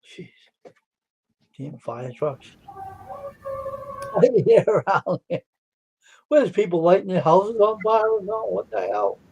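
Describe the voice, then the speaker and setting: A man with a somewhat high voice jokes bluntly in casual chat. His sound is dull and lo-fi. It is dry, with no room around it. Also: animated, a little slow, pauses often, a little mellow, husky, no echo.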